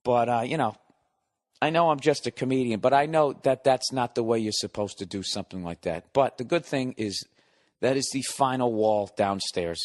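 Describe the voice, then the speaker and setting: A middle-aged American man hosts his own podcast, delivering a solo comic rant that's profane and exasperated, peppered with sarcastic asides. His voice sits at medium pitch and moves at a normal speed.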